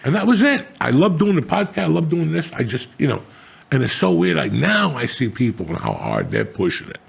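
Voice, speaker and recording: With a fairly high, gravelly voice and a slightly quick delivery, a middle-aged podcaster spins crude, wandering tales packed with swearing. His manner is animated throughout.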